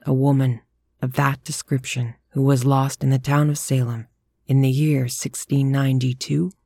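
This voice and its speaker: A woman voicing a worried grown man in a story reading, speaking low and grim. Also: flat delivery, normal speed, gravelly, warm tone, breathy edge, no echo, clean studio sound, full character voice.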